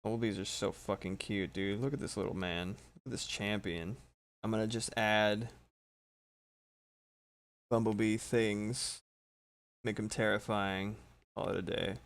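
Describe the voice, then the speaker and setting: A man's voice: on the low side, steady tone, a little slow, pauses often. A man chatting casually on a live stream while he draws, rambling, swearing freely and mocking himself, yawning now and then. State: sleepy, yawning. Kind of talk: casual chat while drawing.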